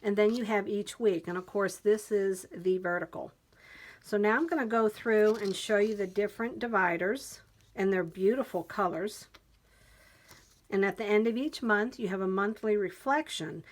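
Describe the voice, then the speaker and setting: A woman's voice: medium pitch, moderate pace. A woman vlogger walking viewers through a new planner, chatty and enthusiastic as she describes each page. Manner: enthusiastic, chatty, reads quotes aloud. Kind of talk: planner flip-through walkthrough.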